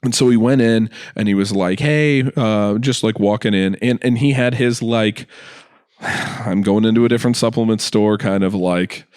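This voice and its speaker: A man co-hosting a podcast in casual chat, an animated storyteller who acts out the people he describes. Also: fairly low pitch, moderate pace, smooth. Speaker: podcast co-host.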